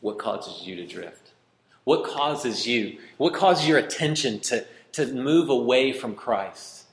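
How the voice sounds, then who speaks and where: A man's voice: medium pitch, expressive, slow pace, creaky, reverberant. Man preaching with pleading emphasis. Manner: pleading, rising to emphatic then dropping quiet. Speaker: pastor. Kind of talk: sermon.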